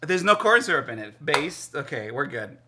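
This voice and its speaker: A man chatting casually to his stream while cooking in his kitchen, excitable and rambling, often repeating himself. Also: on the high side, normal speed, background noise. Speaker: live streamer. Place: home kitchen.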